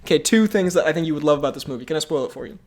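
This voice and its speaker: A man's voice: fairly high pitch, animated, very fast. A man in casual podcast conversation, his voice sitting a little above the usual male range. He rambles through fillers and breaks into laughter often. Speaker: podcast co-host. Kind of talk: casual chat.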